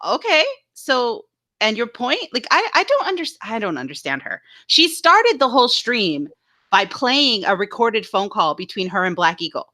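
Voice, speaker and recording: A woman co-hosting a casual live stream, telling a story in an animated, indignant way. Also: a little high, moderate pace. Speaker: co-host.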